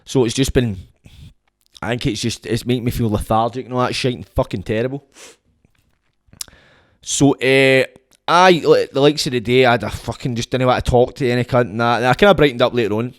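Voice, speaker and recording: A man's voice: mid-range voice, fairly quick, dry recording, studio quality. A Scottish man hosting a podcast, rambling and swearing in a casual monologue into his phone. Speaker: podcast host.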